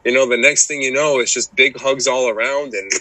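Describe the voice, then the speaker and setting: A man's voice: mid-range voice, fairly even intonation, brisk, bright, forceful tone, no echo, low-quality recording. A man guest on a hiking podcast, talking casually and rambling with lots of "you know" and restarts. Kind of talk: casual chat.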